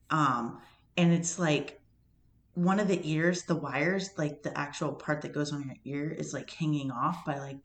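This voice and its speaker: A woman co-hosts a podcast in a slightly low voice, talking loosely and laughing often. Her voice has a roomy echo around it. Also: slight background noise. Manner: casual, laughs often, trailing phrases. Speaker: podcast co-host. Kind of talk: casual chat.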